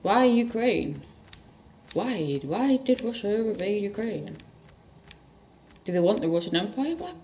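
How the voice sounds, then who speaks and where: A gaming channel host giving rambling let's-play commentary with sudden loud outbursts. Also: mid-range voice, big pitch swings, measured pace, long pauses, slight background noise.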